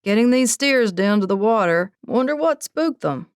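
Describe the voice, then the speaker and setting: A woman's voice: on the high side, lively intonation, normal speed, smooth, no room sound, studio quality, voice pushed up, natural voice. Woman doing an easygoing ranch hand. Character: ranch hand man herding cattle, easygoing.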